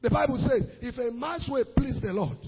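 A man preaching a sermon as pastor, rising into sung and shouted emphasis. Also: extremely high pitch, normal speed, vocal fry, slightly rough, long reverb tail, dull audio.

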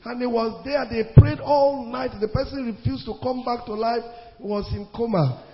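A man preaching a sermon as pastor, emphatic, repeating his phrases and breaking into sudden shouts, heard in a church hall. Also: very high-pitched, steady tone, moderate pace. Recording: dull sound with long hall reverb.

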